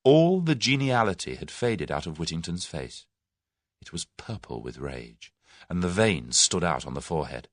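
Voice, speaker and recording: A man narrating an audiobook in an expressive storytelling manner. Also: sits low, moderate pace, no echo. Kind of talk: scripted narration.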